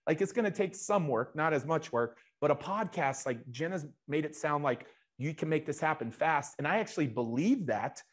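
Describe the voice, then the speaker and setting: A man hosting a live interview show, energetic, often restarting and speaking to the chat audience. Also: on the high side, moderate pace, hardly any pauses. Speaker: show host.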